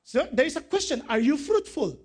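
A male pastor preaching a sermon in a very high voice. He quotes scripture, asks the congregation questions, and laughs along with his own jokes. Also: sing-song, a little fast.

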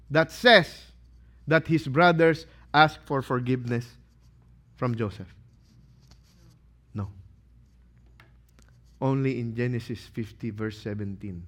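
A male pastor preaching a sermon, animated, questioning his congregation and acting out quotes. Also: mid-range voice, takes it slowly, long pauses.

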